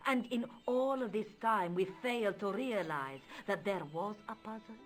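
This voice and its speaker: An actress voicing a proud, formal countess in a video game, with an imperious, dramatic manner. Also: female voice, medium pitch, normal speed, faint music behind, natural voice. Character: proud Spanish countess, haughty, bitter, later hopeful.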